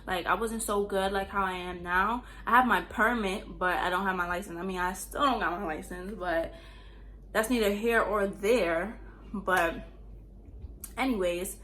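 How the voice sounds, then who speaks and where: A woman's voice: mid-range voice, bright, forceful tone, a little hiss or hum. A young woman from Queens, telling a rambling, profane storytime in casual slang. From Queens, New York. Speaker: storyteller vlogger.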